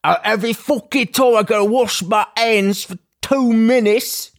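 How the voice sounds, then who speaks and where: A man's voice: high-pitched, completely flat delivery, brisk, a bit bright, voice pushed up. A man putting on an accent to voice a crude, swearing bloke who says "mate" constantly, over a phone call. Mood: brash.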